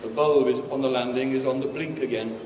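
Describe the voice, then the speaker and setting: A man's voice: mid-range voice, fairly even intonation, a little fast, a little mellow, a little hiss or hum. Man reading in an echoing hall. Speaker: author reading his story. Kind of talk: live reading of a comic story. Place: large hall, live reading. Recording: echoey hall from far off.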